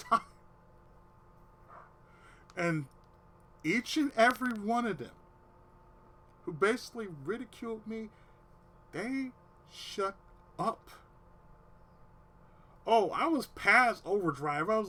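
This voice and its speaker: A man's voice: high-pitched, lively intonation, slow pace, long pauses, bright, forceful tone. A man telling a long personal story to his stream in casual, swearing-heavy talk, sometimes dropping to a near whisper to quote himself. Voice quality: swears a lot, drops to a whisper when quoting himself.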